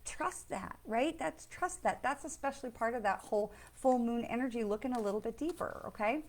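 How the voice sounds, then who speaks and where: Chatty woman with a higher voice. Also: expressive, a little fast. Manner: chatty and enthusiastic, checking in with listeners. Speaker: psychic medium hosting a weekly live. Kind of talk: casual spiritual talk with card readings.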